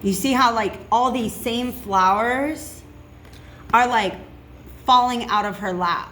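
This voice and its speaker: A woman's voice: on the high side, slow pace, a bit bright, a little hiss or hum. Chatty woman giving a tarot reading. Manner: chatty, reassuring, frequent "okay?" check-ins. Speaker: tarot reader.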